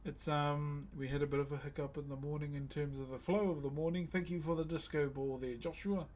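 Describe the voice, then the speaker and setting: A man's voice: fairly high pitch, steady tone, fairly quick, darkish tone. A man with a New Zealand accent hosting a live stream, chatting casually and thanking viewers by name in a friendly, slangy way. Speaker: livestream host.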